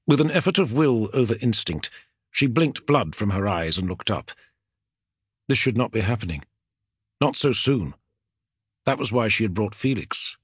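A man reading a fantasy novel aloud as an audiobook narrator, with a dramatic, expressive delivery. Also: mid-range voice, husky, dry recording, clean studio sound.

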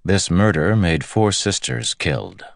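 Very deep, gravelly male narrator. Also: unhurried, no room sound, clean studio sound. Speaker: audiobook narrator. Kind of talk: scripted fantasy narration.

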